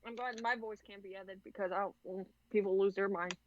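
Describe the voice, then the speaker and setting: A woman's voice: medium pitch, fairly quick, dull audio. A woman guest on a gaming podcast, chatting casually and giggling through her stories. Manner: giggly, animated storytelling. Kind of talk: casual chat.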